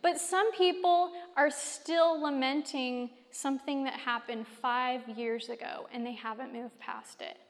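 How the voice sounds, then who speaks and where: A woman with a high voice leads a faith-based class in a casual, conversational way, asking her listeners question after question. Her words ring out with a long reverb, as if spoken in a large hall. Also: steady tone, measured pace, hardly any pauses. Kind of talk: faith-based teaching talk.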